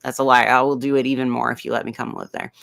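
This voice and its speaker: A man's voice: medium pitch, flat delivery, fast, gravelly, fairly bright tone, dry recording. A man hosting a comedic weather livestream, talking casually and playfully in a rambling way, with many fillers.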